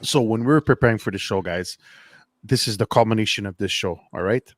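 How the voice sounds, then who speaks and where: A man co-hosting a casual podcast, telling stories in an animated way, repeating words and laughing often. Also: lowish voice, fairly quick, no echo. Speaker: podcast co-host. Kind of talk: casual podcast chat, storytelling. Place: Montreal.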